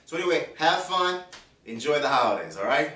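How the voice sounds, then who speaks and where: A man's voice: a little high, very animated, brisk, noisy background. A man giving a drum lesson, explaining casually and checking in with the viewer. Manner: counts beats aloud while playing. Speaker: drum teacher. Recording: echoey room, distant mic, loud drums.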